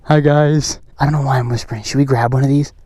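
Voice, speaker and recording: A young man riding a motorcycle and chatting excitedly to his viewers and to the animals he passes. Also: mid-range voice, fast talker, breathy edge, no room sound. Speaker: motovlogger. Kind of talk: casual riding commentary. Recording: loud engine and wind noise.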